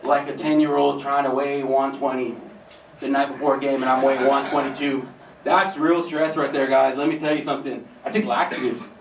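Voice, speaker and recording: A brisk American man in his twenties does open-mic stand-up in a small theater, his mid-range voice holding a level tone. He talks loosely and conversationally, swears, and says "dude" a lot. The distant mic gives a roomy sound with faint ambience and a little hiss or hum.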